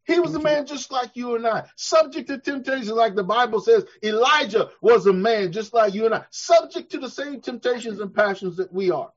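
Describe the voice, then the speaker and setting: A man preaching a sermon, drawing answers from the congregation, his delivery swelling to shouts and falling to a hush. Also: very high voice, a little fast, few pauses, breathy edge, lo-fi sound. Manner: preaching with call-and-response, swelling to shouts then dropping soft. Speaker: pastor.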